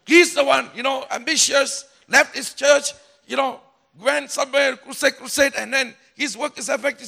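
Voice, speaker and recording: A man, a pastor, telling a personal story in a sermon in an animated way, swinging between loud and hushed. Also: very high voice, moderate pace, gravelly. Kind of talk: sermon testimony.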